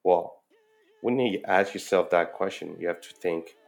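A man's voice: low voice, measured pace, vocal fry. A man from Mali, a company founder, speaking earnestly as an interview guest. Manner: earnest, persuasive. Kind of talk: interview conversation.

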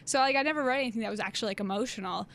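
A young woman with a slightly high voice, chatting in a relaxed way and peppering her talk with likes. A faint low rumble lies under the recording. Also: rapid-fire, creaky. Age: young adult. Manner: easygoing, many fillers and backchannels. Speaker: podcast co-host. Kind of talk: casual chat.

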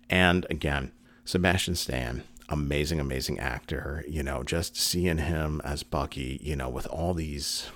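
A man with an extremely deep voice reviews a show in a casual, rambling way. He doubles back on words, leans on fillers, and slips into quoted lines of dialogue as he talks. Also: a little slow, a bit bright. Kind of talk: casual spoken commentary.

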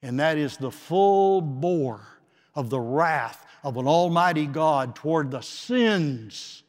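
Slow, dramatic man preaching in a reverberant hall. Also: a little high, lively intonation. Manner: slow, dramatic preaching with long pauses, swinging from forceful to hushed. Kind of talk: sermon. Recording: long reverb of a large hall.

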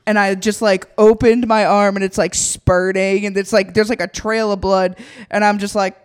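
A woman from New England, a podcast co-host telling stories in casual chat with blunt, deadpan dark humor and a lot of swearing. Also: medium pitch, moderate pace, clear, resonant tone.

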